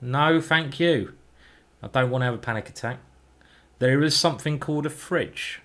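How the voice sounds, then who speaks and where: A man's voice: medium pitch, normal speed, a bit bright. A man streaming a chess game, chatting and thinking aloud as he plays, with mild swearing. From England. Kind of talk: live game commentary.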